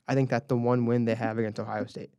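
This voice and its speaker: A man's voice: medium pitch, flat delivery, quick pace, dark tone, smooth, dry recording. A young man co-hosting a casual college radio football show, steering the topics and reeling off stats. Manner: reads off stats, leads the segments. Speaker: sports radio co-host. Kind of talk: casual sports talk. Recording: dry college radio studio.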